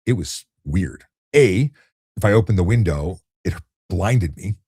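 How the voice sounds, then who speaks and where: A man, a traffic cop, hosting a relaxed late-night live chat and answering viewer questions in an easygoing way, often repeating words as he restarts. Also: deep voice, measured pace, slightly rough, no echo, clean studio sound. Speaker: traffic cop and livestream host.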